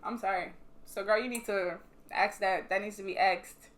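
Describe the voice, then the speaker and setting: At normal speed and in a mid-range voice, a young Bermudian woman fields viewer questions while drinking wine. Her storytelling is blunt, animated, and full of swearing, and her accent sometimes drifts from Bermudian to British.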